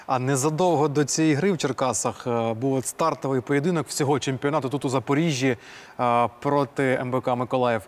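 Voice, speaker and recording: A man's voice: mid-range voice, fairly quick. A man hosting a sports interview, asking questions with hesitant fillers.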